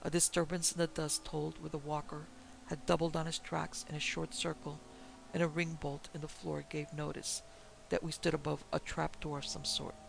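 A man narrating a pulp horror story in a measured, steady reading. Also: fairly high pitch, gravelly, rough recording. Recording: faint hiss behind the voice.

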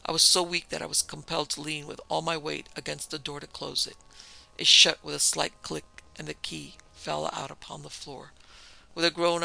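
A man reading a horror story aloud as narrator, in a measured, tense storytelling manner. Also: a little high, creaky, sharp tone, poor audio. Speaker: narrator and producer.

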